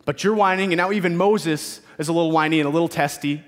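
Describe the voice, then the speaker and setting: A man's voice: high voice, fast, a bit bright, in a large hall. A man preaching a sermon, retelling scripture in casual modern speech and voicing the figures in it.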